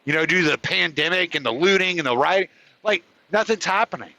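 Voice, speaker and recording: A man's voice: a little high, expressive, fairly quick, creaky, pushed and bright, poor audio. A man hosting his own show, delivering an angry, profane rant. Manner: furious, profane, heated ranting. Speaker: podcast host. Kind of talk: angry ranting monologue.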